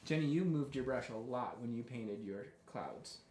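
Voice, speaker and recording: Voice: mid-range voice, lively intonation, normal speed, a little mellow, a little hiss or hum. Chatty painting instructor in an echoey room. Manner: chatty, self-correcting, encouraging. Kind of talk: live painting tutorial.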